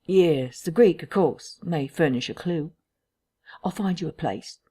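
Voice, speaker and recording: A woman's voice: deep voice, unhurried, warm tone, husky. A woman voicing a pompous, evasive male vicar in an audiobook. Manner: pompous, hedging.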